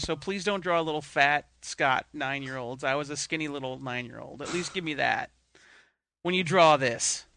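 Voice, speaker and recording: A man's voice: on the high side, pushed and bright, clean tone. A man co-hosting a podcast, telling rambling, self-deprecating stories in casual banter. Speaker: podcast co-host.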